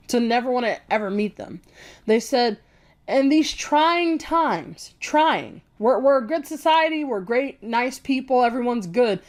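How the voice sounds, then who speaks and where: A woman ranting to camera in a casual, blunt and profane way, mocking phrases she dislikes with scorn. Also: fairly high pitch. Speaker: vlogger. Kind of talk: casual opinion rant to camera.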